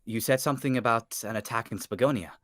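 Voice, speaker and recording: A man reading the lines of a worried, apologetic young male hero in a fanfiction reading, in a soft, subdued voice. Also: mid-range voice, fast talker, no echo, clean studio sound, close to an everyday voice.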